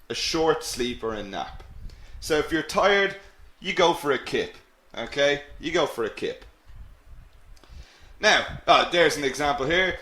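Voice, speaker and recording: Upbeat Irish man teaching slowly. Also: on the high side, bright, forceful tone, roomy sound. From Ireland. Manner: upbeat, encouraging, repeats key phrases. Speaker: English teacher. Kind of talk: live webinar lesson.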